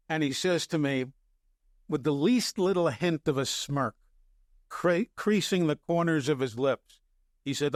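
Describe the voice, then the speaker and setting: An older man from the New York area, a sports broadcaster, casually telling animated stories on a podcast, chuckling as he quotes himself. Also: a little high, moderate pace, no echo, studio quality.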